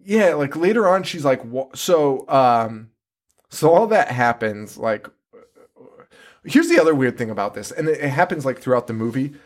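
Casting: lively, foul-mouthed co-host, pitch swinging widely, loose movie-recap banter. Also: moderate pace. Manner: animated, profane, laughing. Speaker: podcast co-host. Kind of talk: casual horror movie chat.

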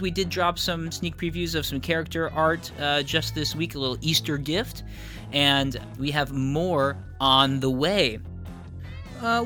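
A man hosting a tabletop game podcast, reading the outro and plugs in an upbeat, chatty way with small fillers. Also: medium pitch. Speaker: podcast host.

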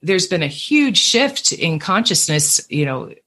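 A woman with a low, husky voice, a singer and voice coach appearing as a guest on a podcast. She explains her points carefully and backs them up with examples, in a relaxed, conversational tone. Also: a little slow. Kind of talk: casual interview chat.

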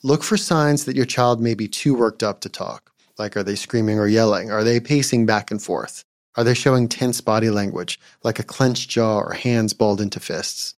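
A male psychologist hosting a podcast, giving scripted parenting advice in a calm, measured, gently instructive way. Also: fairly low pitch, no room sound, clean studio sound.

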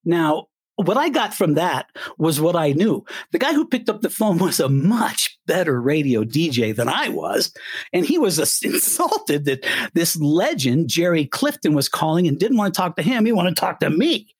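Speaking at a moderate pace in a voice on the high side and slightly rough, an elderly ex-DJ from Colorado spins yarns for an interviewer, animatedly doing the voices himself. There's no echo, and the sound is studio quality.

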